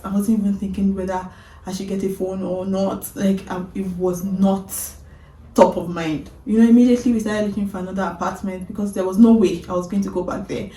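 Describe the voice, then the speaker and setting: A woman vlogger casually retelling a story, animated, often breaking into laughter. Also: mid-range voice, echoey room, distant mic, poor audio.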